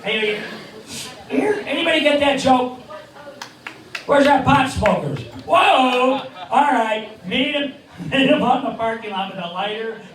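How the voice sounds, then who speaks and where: A man doing an impression of a rowdy boxer with a squeaky, high, lisping voice, shouting out to the crowd. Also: expressive, unhurried, pauses often, heavily acted. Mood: excited. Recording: echoey bar, distant mic, crowd.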